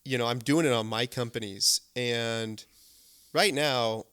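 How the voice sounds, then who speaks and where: A man's voice: medium pitch, measured pace, sharp tone, smooth. A man hosting a podcast interview, talking with eager energy, repeating himself and tagging his points with "right?". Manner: enthusiastic, repeats words, many "right?" tags. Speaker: podcast host. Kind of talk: casual interview chat.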